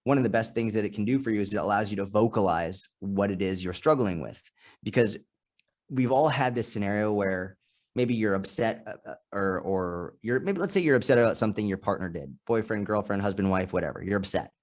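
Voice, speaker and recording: Man in his 30s, lowish voice, podcast guest, animated storyteller who acts out quotes. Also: fairly quick. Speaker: podcast guest, strength and nutrition coach. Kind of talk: casual interview chat.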